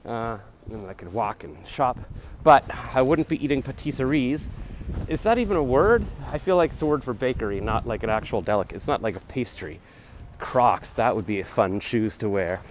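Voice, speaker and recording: A man in his forties talks casually into a phone camera as he jogs along a city street, rambling and self-deprecating. His voice is middle-pitched. Faint street noise sits behind him. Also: animated, normal speed. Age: 40s. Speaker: vlogger. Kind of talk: casual rambling vlog while jogging. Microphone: phone camera held while jogging.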